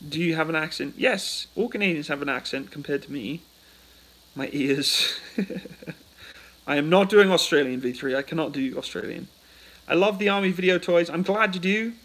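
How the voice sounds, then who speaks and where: A man's voice: fairly high pitch, moderate pace, fairly bright tone, low-quality recording. A British man hosting a casual livestream. He reads out viewer questions and answers them in a chatty way, into a phone. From United Kingdom. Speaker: livestream host.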